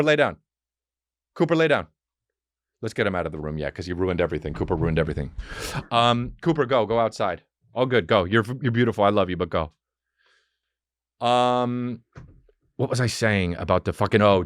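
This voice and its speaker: A podcast host delivers a rambling, comedic monologue, animated and swearing heavily. His voice is deep, and the recording is clean studio sound with no echo.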